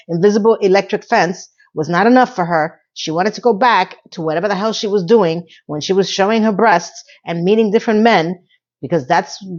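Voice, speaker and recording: A woman's voice: mid-range voice, lo-fi sound. Chatty middle-aged woman recapping a show. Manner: chatty, opinionated, advice-giving. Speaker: TV episode recapper. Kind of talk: casual episode recap.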